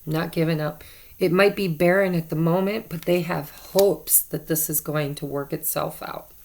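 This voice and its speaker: A woman's voice: sits low, steady tone, moderate pace, vocal fry, a little hiss or hum. A woman giving a casual tarot card reading to her viewers, chatty and repeating herself for emphasis. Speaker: tarot reader.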